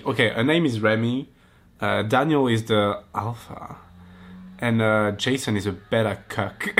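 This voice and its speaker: The host of a podcast, a man whose fairly low voice is creaky and a bit bright, reads romance fiction out loud. Giggly, mocking remarks punctuate his comic reaction reading.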